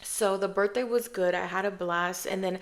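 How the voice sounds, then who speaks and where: A woman in her thirties hosting a casual podcast chat, telling stories with lots of filler and calling the listener babe and girl, sometimes dropping into a hushed voice for quotes. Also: medium pitch, normal speed. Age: 30s. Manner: chatty, animated storytelling, calls listener babe and girl. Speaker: podcast host.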